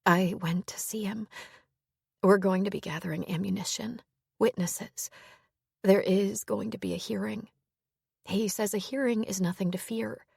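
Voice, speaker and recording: A worried young woman whispers her lines, hushed and tearful, in whispered role-play, as a woman narrator reads them. The whisper sounds gravelly and dry, close to the mic. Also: medium pitch, fairly even intonation, normal speed, no echo. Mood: anxious.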